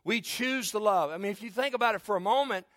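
A man's voice: high-pitched, fast, fairly bright tone, no echo. A man in his forties preaching an earnest, conversational sermon in a church, often restarting and repeating phrases. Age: 40s. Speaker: pastor.

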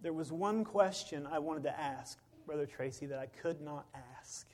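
A middle-aged man, a preacher, telling a personal story in a sermon, swinging between loud bursts and hushed moments. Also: fairly high pitch, moderate pace.

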